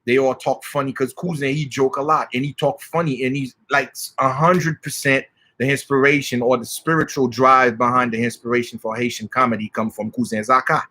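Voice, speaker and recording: A man telling stories as a spiritual practitioner, excitable and swearing freely. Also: mid-range voice, a little fast. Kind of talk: animated storytelling.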